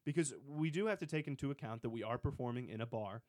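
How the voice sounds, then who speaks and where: A man's voice: mid-range voice, fast, a little mellow, no room sound. Teasing young man in a dry studio. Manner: teasing, rambling, laughs often. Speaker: podcast co-host. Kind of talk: casual chat.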